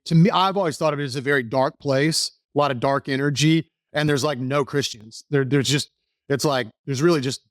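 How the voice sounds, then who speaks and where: Earnest man telling a story on a podcast, kinda rambly, lots of restarts, voice a bit high, dry sound. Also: smooth, no echo. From Texas. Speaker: podcast guest. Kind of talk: casual storytelling interview.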